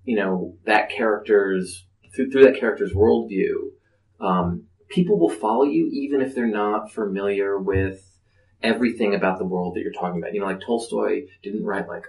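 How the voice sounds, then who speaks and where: Male author, low gravelly voice, hesitant and reflective, roomy echo. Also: a little mellow. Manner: reflective, halting with many fillers. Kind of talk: panel discussion.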